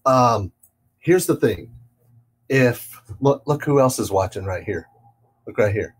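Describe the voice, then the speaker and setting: Husky-voiced man hosting a business show. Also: medium pitch, measured pace. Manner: relaxed, laughs easily, acts out phone calls. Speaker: podcast host. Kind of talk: casual business chat.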